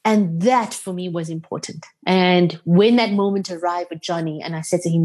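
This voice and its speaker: A woman's voice: medium pitch, fairly quick. A South African woman from Durban, a radio presenter, telling heartfelt stories in an interview and acting out the quotes. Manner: heartfelt, animated retelling with acted-out quotes. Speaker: radio presenter, podcast guest. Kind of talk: emotional interview storytelling.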